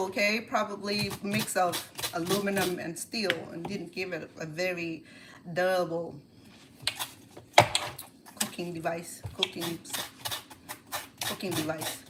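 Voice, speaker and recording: A woman's voice: on the low side, heavy background noise. A woman from Cambodia with a Cambodian accent, chatting casually and rambling as she cooks, often restarting her phrases. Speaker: home cooking host. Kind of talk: casual cooking vlog chat. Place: home kitchen. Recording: kitchen clatter of pots and dishes. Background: clinking pots, pans and dishes.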